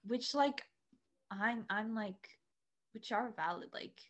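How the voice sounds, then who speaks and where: A woman's voice: a little high, slow. A young woman guesting on a casual podcast, speaking earnestly and hesitantly with many fillers.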